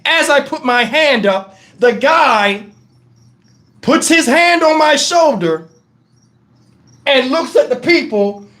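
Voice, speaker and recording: High-voiced man telling stories on a live stream. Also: takes it slowly, pauses often. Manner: animated, profane, laughs through his stories. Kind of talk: casual storytelling on a live stream.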